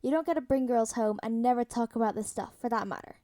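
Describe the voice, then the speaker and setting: A woman's voice: a little high, fast talker, mellow, lightly acted. A woman reading the lines of a brash, rambling, protective middle-aged man in a story read aloud. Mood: fatherly.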